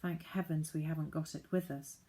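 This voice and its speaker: A woman's voice: deep voice, fairly even intonation, fairly quick, dark tone, lightly acted. A woman reading the part of a brave, polite boy who talks earnestly and respectfully.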